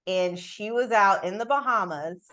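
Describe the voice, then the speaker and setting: A woman guest in a casual interview, talking in an animated way with frequent laughter and many fillers. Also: mid-range voice, a little slow. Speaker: guest entrepreneur coach.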